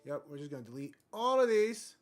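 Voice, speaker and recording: A man's voice: on the high side, very animated, a little fast, faint music behind. Brash, profane young male game streamer. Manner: brash, profane, jokey, swings from mutters to outbursts. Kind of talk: casual live-stream commentary.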